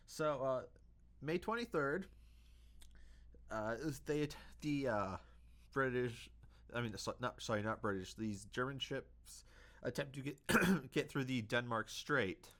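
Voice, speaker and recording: A man's voice: mid-range voice, measured pace, fairly bright tone. Hesitant young man talking history. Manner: hesitant, lots of fillers and self-corrections. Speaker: history video host. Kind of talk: casual history talk.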